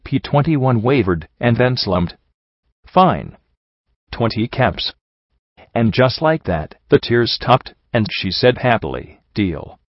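A man reading a first-person fan fiction story aloud in a wry, even manner. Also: medium pitch, measured pace, hardly any pauses, dry recording, highs cut off. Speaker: audiobook reader.

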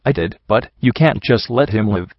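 A man voicing a weary, soft-hearted female pony heroine in an even, gentle voice. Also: on the low side, normal speed, dry recording. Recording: dry, slightly dull home recording.

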